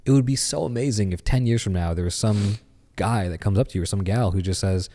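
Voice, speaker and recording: A man in his thirties, a podcast guest, telling a story in casual chat with lively animation. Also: on the low side, quick pace, in a large hall.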